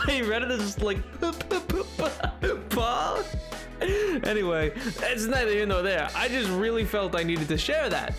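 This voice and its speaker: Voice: mid-range voice, lively intonation, slow pace. A streamer chatting casually with viewers, playfully greeting people in a sing-song way and reading chat aloud with frequent laughs. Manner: frequent laughs and mock exclamations. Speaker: livestream host. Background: faint music playlist.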